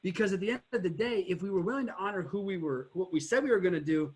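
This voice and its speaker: High-voiced man hosting a podcast. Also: quick pace. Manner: animated storyteller who swears freely. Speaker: podcast host. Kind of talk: casual interview chat.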